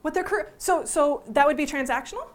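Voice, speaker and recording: A woman teaching a workshop to a live audience, lively and joking, often putting questions to the room. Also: high-pitched, fast talker. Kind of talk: interactive workshop talk.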